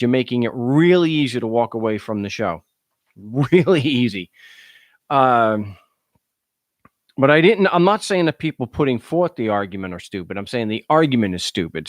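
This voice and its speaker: A man's voice: fairly high pitch, no echo, clean studio sound. A man hosting a talk show, speaking in a casual, sarcastic way and often stumbling over repeated words as he starts sentences. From United States. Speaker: show host. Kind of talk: casual call-in show monologue.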